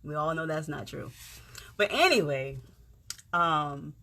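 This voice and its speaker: Bright-voiced Southern woman, chatty livestream. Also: low-pitched, lively intonation, slow pace. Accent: South Carolina Lowcountry Gullah-Geechee. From Yamassee, South Carolina. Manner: chatty, greets viewers by name, folksy. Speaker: livestream host. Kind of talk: casual encouraging livestream talk. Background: faint music.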